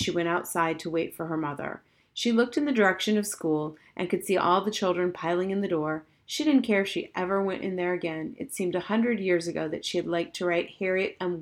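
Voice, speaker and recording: A woman reading a children's novel aloud in an even, measured storybook narration. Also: lowish voice. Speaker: audiobook narrator.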